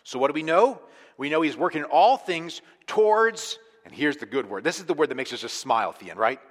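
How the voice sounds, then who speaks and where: Pastor preaching in a reverberant hall. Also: male voice, a little high, lively intonation, a little fast. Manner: conversational, emphatic, drops to quiet intensity. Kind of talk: sermon.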